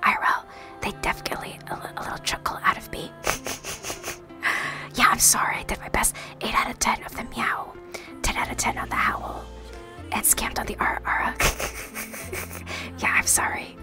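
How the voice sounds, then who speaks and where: A woman streamer whispers through a role-play, reading game dialogue aloud and replying to chat, with music playing behind her. Her voice is on the high side, flat in delivery, at a moderate pace with long pauses.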